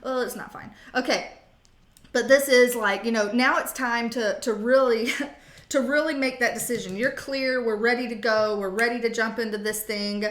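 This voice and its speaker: A woman with a slightly high voice gives a casual tarot reading. She is blunt and sassy and swears playfully. Her voice carries a roomy echo. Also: steady tone, normal speed, fairly bright tone. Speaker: tarot reader.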